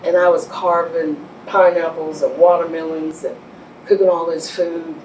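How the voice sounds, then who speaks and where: Low-voiced woman telling her story. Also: normal speed, slight background noise. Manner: animated storyteller, laughs often, acts out quotes. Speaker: business owner guest. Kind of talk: storytelling interview. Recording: echoey room, mic far off.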